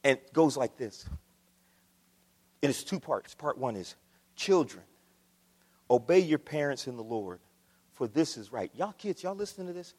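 A man from Ohio preaching a sermon, swinging between loud declarations and quiet asides as he addresses the congregation. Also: mid-range voice, big pitch swings, moderate pace, long pauses, husky, in a large hall. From Akron, Ohio. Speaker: pastor.

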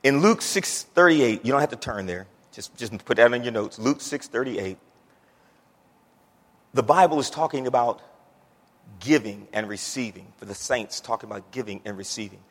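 A man preaching a sermon, moving from quiet scripture reading to loud, excited preaching, with folksy stories and repeated words. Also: mid-range voice, moderate pace, long reverb tail. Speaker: pastor.

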